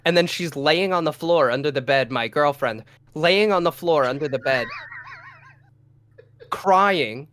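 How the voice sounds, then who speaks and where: A man's voice: fairly high pitch, takes it slowly. Profane young man telling a story. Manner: profane, animated, acts out his own lines in a loud voice. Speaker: podcast co-host. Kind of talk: casual storytelling.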